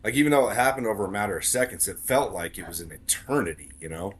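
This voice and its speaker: A man with a somewhat low voice tells a story as a podcast guest. He talks earnestly in casual conversation and repeats key words for emphasis. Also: animated, quick pace, husky.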